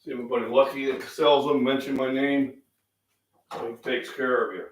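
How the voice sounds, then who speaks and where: Coughing and clearing his throat because he's feeling unwell, this middle-aged Illinois man hosts a fitness channel and chats loosely over breakfast on a live stream, heavy on fillers. His Midwestern American voice is medium-pitched and steady, and he talks fairly quickly. The audio comes from a distant mic in a room with echo.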